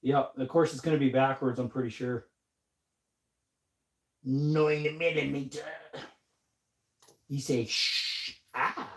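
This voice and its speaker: A young man with a stuffed-up nose hosts a casual livestream, chatting easily with viewers as he works, reading chat aloud and answering. His mid-range voice stays steady, and he speaks slowly, pausing often.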